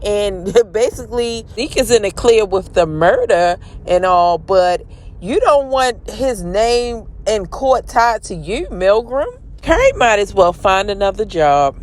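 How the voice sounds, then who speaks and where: A woman giving a casual, slangy recap of a TV drama episode and reacting loudly to the scenes. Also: medium pitch, very animated, unhurried. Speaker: TV recap commentator.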